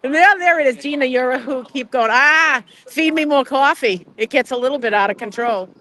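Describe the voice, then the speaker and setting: A middle-aged woman hosting a livestream outdoors, animated and swearing constantly. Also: sits high, a little fast, poor audio. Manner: animated, heavy swearing, wound up on coffee. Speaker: livestream host. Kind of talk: casual livestream chat. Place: outdoors in cold wind.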